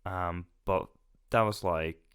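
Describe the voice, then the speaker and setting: Brief: young male co-host, low-ish voice, dry close sound, jokey, laughs a lot, casual chatter. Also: steady tone, takes it slowly, fairly bright tone, clear, resonant tone, no echo. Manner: giggly, jokey, trails off into restarts. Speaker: podcast co-host. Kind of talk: casual chat.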